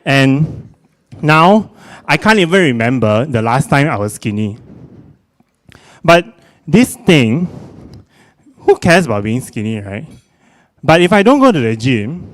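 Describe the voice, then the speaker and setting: Animated Singaporean man, lively pitch. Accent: Singaporean English. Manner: animated, self-mocking, exclamatory. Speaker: performer. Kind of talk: comic spoken-word performance.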